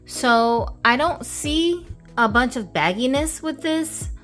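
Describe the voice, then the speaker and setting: A woman's voice: sits high, expressive, takes it slowly, fairly bright tone, soft background music. A woman hosting a doll review vlog, talking playfully with sassy, slangy jokes.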